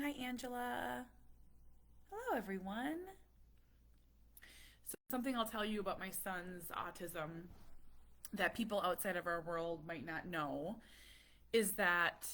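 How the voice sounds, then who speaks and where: Woman, chatty mom vlogger, bright clear tone, casual and animated, slightly stuffy. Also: fairly low pitch. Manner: chatty, animated, laughs often. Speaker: parent vlogger. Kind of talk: casual chat.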